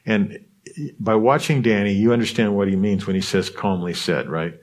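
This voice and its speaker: A man with a somewhat low voice talks through a book's ideas on a podcast. He teaches in a casual way, restarting phrases and asking his listeners if they're following. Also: normal speed. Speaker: podcast host. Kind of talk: casual teaching talk, reading a book aloud.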